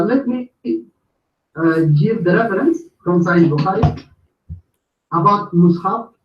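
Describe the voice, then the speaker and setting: A man calling into a debate, reading out references in a halting way with many filler sounds. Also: high-pitched. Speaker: debate caller. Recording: distant echoey muffled call audio.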